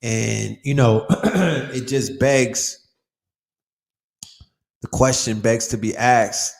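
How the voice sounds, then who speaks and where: A man at an ordinary pitch, talking through a casual motivational monologue as a podcast host. He preaches with emphasis, loads his talk with slang and profanity, and circles back on phrases for effect. His voice rings around a roomy, echoing space. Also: fairly even intonation, very slow, creaky.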